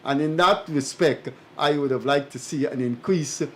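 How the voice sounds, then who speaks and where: A man co-hosting a talk show, speaking in a slow, measured, emphatic way, like an academic. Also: fairly high pitch. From Guyana. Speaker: co-host and commentator. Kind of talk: studio talk show commentary.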